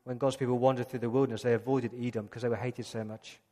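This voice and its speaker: A man's voice: mid-range voice, fast. Man preaching in a reverberant church. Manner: lively storytelling, acting out scenes. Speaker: pastor. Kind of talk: sermon. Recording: long church-hall reverb.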